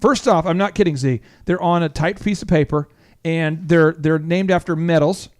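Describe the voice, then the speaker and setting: A man hosting a business talk show, telling a story in an excitable, jokey way. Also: fairly high pitch, moderate pace. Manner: excitable, jokey, breaks into imitations of friends. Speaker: host. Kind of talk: animated storytelling chat.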